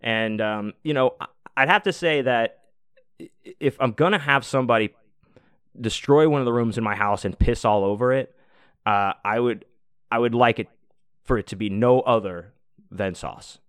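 A man's voice: mid-range voice, normal speed, pauses often, a bit bright, clear, resonant tone, no echo. A man hosting a podcast, telling a story in a casual, profane, laid-back way and laughing often. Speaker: podcast host.

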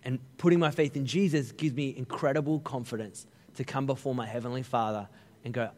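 A man's voice: mid-range voice, fairly even intonation, a little fast, a little mellow. Man preaching in a reverberant hall. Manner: conversational, humorous storytelling preaching. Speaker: pastor. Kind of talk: sermon.

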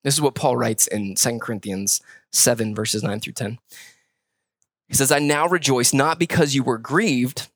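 A pastor in his thirties delivers a sermon in a casual, animated way, repeating words and restarting his sentences as he goes. His voice sits in an ordinary middle pitch for a man. The sound is dry and close, with no room echo. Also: normal speed. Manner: conversational, animated storytelling with quoted voices.

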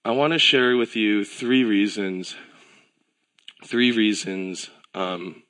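A man giving a casual, conversational sermon. He tells stories in a relaxed way, uses filler words, and acts out the voices he quotes. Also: fairly low pitch, slow. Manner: relaxed storytelling with filler words and self-corrections. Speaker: pastor.

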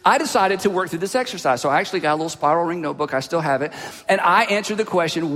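A high-voiced preacher in a big hall. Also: male voice, rapid-fire. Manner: animated storytelling, drops low for asides. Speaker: pastor. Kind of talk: sermon. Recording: long hall reverb.

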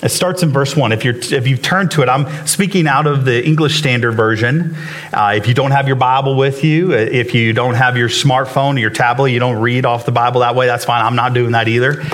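A man's voice: medium pitch, fairly even intonation, brisk, a bit bright. A man preaching to a church congregation in a casual, off-the-cuff way, with many fillers and restarts, and he becomes emotional while telling a story. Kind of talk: sermon. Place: church sanctuary with live congregation.

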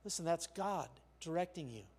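An older male pastor preaching a sermon, telling a personal story with sharp shifts between quiet and loud. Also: a little high, lively intonation, normal speed, husky. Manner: storytelling, with big swings of loudness.

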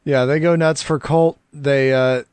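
Animated man recapping wrestling, higher voice. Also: a little slow, clear, resonant tone, no room sound. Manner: animated, laughs often, acts out wrestlers' shouts. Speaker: podcast co-host. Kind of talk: casual wrestling recap chat.

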